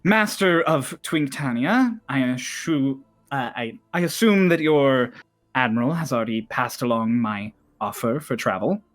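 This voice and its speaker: A man voicing a composed, dignified woman diplomat who speaks in a calm, measured, formal way. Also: mid-range voice, soft background music.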